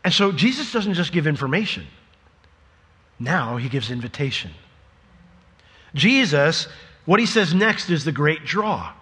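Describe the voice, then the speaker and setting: Man, pastor, sermon, fairly high voice, loud emphatic questions then hushed near-whispers, church hall. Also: big pitch swings, a little slow, pauses often, breathy edge. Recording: long reverb of a large hall.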